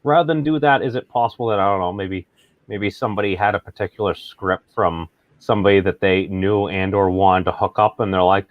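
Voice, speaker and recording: A man's voice: low voice, brisk, no echo, narrow, tinny audio. A man co-hosting a casual chat, rambling and hedging with lots of filler words. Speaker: podcast co-host.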